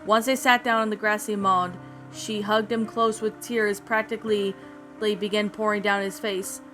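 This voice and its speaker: A woman reading a fan-written story aloud in a steady, even voice. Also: medium pitch, moderate pace. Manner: steady, even narration with small slips. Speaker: fan fiction reader. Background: soft background music.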